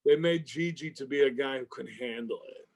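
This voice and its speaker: This middle-aged actor, speaking in an interview, has a mid-range voice and a moderate pace. His story is animated, and he performs phone calls full of swearing and loud outbursts.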